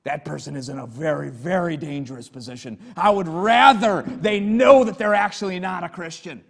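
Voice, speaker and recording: A male pastor delivers an earnest, emphatic sermon with a fairly high voice. He mixes warnings with personal stories and drops to a quiet, confiding tone at times. His voice trails off into the long reverb of a church sanctuary. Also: normal speed, vocal fry.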